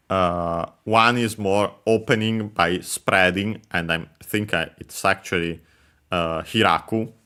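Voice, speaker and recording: A man giving a language lesson over a video game playthrough, hesitant, full of fillers and quick self-corrections, chuckling now and then. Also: low-pitched, bright, forceful tone, clean tone. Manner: explanatory, chuckles while explaining. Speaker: language teacher. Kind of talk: let's-play language lesson.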